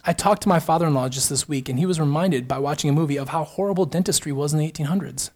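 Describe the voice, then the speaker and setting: A man's voice: fairly high pitch, very fast, a little mellow. A married man preaching a sermon, emphatic and building to fervent repeated phrases. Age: adult, married. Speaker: pastor.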